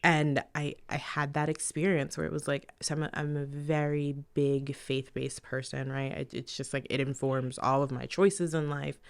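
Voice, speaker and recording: A middle-aged woman, a podcast guest, telling lively stories in casual chat, laughing often and sometimes dropping to a near whisper. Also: low-pitched, moderate pace, vocal fry, hardly any pauses, smooth.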